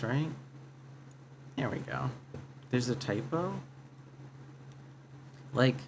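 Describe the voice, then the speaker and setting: Unhurried male streamer, rambling and chatty, over background guitar music. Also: mid-range voice. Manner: rambling, thinking aloud, self-repeating. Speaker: livestreamer. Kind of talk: casual game streaming, reading chat aloud. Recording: guitar music playing under voice.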